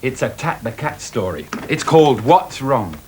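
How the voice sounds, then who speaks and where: A man reading a children's story aloud with gentle, expressive delivery. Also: mid-range voice, normal speed, a little hiss or hum.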